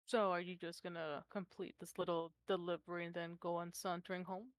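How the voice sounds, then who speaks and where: A woman's voice: on the low side, flat delivery, a little fast, no echo, close to an everyday voice. A woman voicing a blunt, world-weary female ex-mercenary who swears offhandedly. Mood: dry.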